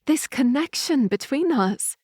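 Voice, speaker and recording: A woman voicing a young female vampire heir in an audiobook, with a higher, urgent and emotional delivery. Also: expressive, measured pace, darkish tone, no echo, clean studio sound. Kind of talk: audiobook character reading.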